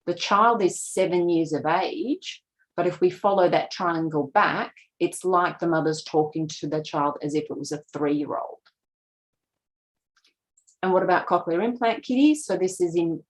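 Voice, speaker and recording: Middle-aged female presenter, lower register, steady explanatory conference-talk delivery. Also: low-quality recording. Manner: explanatory, slips into quoted voices of parents. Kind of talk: lecture presentation.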